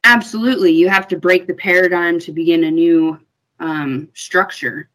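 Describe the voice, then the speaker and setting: A woman's voice: lowish voice, steady tone, normal speed, a bit bright, rough recording. A young woman, a guest on a radio interview, speaking sincerely and emotionally about her faith. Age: young adult. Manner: sincere, emotional, laughs when choked up. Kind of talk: conversational interview.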